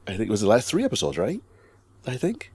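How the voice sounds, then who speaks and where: A man's voice: on the low side, huge pitch swings, very fast, breathy edge, no echo. A man hosting a hobby podcast, opening with playful, jokey introductions in casual chat. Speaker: podcast host.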